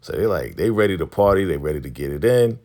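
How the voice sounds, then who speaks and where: Man, very low and gravelly, casual TV recap vlogger, loose conversational retelling. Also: expressive, fast, darkish tone. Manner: retells scenes conversationally, quoting characters loosely.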